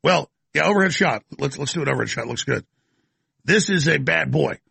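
A man hosting a talk radio show, brash and hammering, repeating phrases for emphasis in a gravelly, raspy voice. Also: a little high, animated, brisk, pushed and bright, dry recording. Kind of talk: fast call-in radio monologue.

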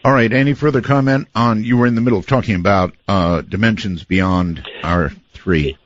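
A man hosting a late-night call-in radio show, drawling and wry and quick to laugh. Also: fairly low pitch, fairly even intonation, no room sound. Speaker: radio talk show host. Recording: slightly dull radio audio with faint music.

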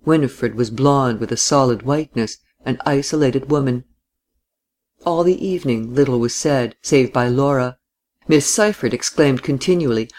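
A man narrating a novel in a measured, even reading style. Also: medium pitch. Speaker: audiobook narrator. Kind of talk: scripted narration.

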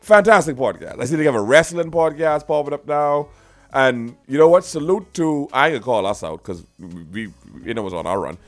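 A man with a Bahamian accent hosting a casual podcast, talking in animated, rambling bursts full of restarts and shout-outs. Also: on the high side, brisk, no echo, soft background music. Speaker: podcast host.

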